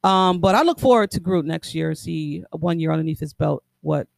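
Guy cohosting a sports podcast, high voice with lots of gravel, dry mic, rambles along. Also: a little fast, dry recording. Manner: laid-back, rambling, stumbles over names. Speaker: podcast co-host. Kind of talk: casual sports podcast chat.

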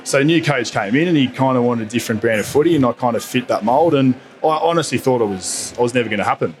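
A man's voice: mid-range voice, quick pace, faint music behind. A man in his thirties with an Australian accent, a guest on a podcast chatting casually and telling stories with lots of fillers. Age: 30s. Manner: animated storyteller, lots of "mate" and fillers. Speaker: guest rugby player.

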